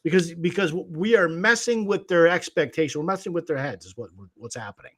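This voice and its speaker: A man's voice: on the high side, expressive, fairly quick. A man teaching guitar rhythm on a livestream, patiently explaining and counting beats aloud. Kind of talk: livestream music lesson.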